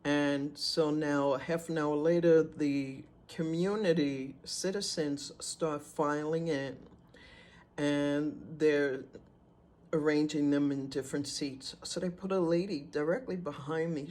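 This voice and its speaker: A man telling a personal story in an unhurried, halting way with fillers and pauses. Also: on the high side, darkish tone. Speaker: storyteller sharing a personal testimony.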